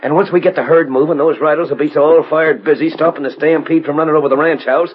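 An actor playing a cold, scheming outlaw boss who talks in brisk, curt lines, in an old radio drama. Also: male voice, a little high, steady tone, slight background noise, close to an everyday voice. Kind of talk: 1930s radio drama acting. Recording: muffled old radio recording.

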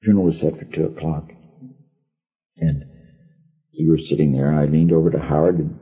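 An older man, a former radio actor, telling a wry funeral anecdote in an unhurried storytelling manner, on an archive recording. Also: extremely low pitch, fairly even intonation, lo-fi sound.

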